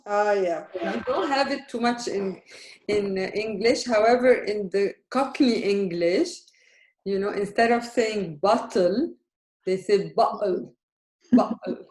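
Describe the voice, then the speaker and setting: A woman's voice: mid-range voice, unhurried, darkish tone. A woman teaching a beginner Arabic lesson, patiently checking that her students follow. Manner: patient, questioning, checks understanding often. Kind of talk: live beginner language lesson. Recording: echoey room.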